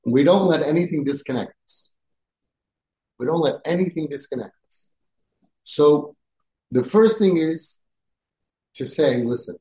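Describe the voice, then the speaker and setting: A man hosting a parenting podcast, speaking emphatically and sprinkling in Yiddish and Hebrew words, rising to near-shouting when he scolds. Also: mid-range voice, reverberant, low-quality recording. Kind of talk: podcast talk giving advice.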